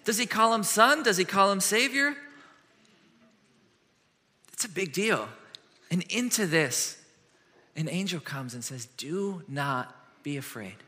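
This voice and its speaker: Pastor guy preaching a sermon, bright clear voice, kinda high, goes lively then real hushed, big church echo. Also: a little slow, pauses often. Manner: animated, shifts from lively to hushed and earnest. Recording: long hall reverb.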